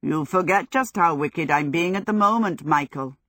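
A woman's voice: fairly low pitch, moderate pace, fairly bright tone, no room sound, clean studio sound. A woman voicing a flamboyant young male wizard who talks in an offhand drawl. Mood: mocking.

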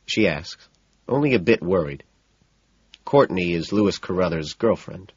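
Low husky guy reading an audiobook first person, lively, dry dull audio. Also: normal speed, no echo. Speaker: audiobook narrator. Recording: dull, muffled audiobook recording.

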